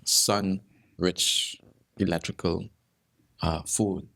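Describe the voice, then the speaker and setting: A man's voice: low-pitched, steady tone, extremely slow, creaky, fairly bright tone. A man, a holistic health doctor, talking as a podcast guest and explaining health through stories, often repeating phrases for emphasis. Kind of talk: casual podcast conversation.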